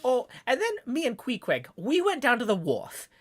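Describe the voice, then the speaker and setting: A streamer voicing a chatty young male sailor with a New Jersey accent, rambling fast in a gossipy way. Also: medium pitch, wildly swooping pitch.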